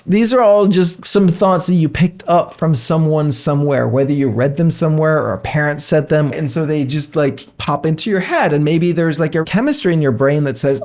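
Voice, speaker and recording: A man coaching casually about limiting beliefs, animated and blunt, sometimes swearing. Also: a little high, normal speed, hardly any pauses. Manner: animated, swears, mimics inner thoughts in silly voices. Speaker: business coach. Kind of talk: casual coaching talk to camera.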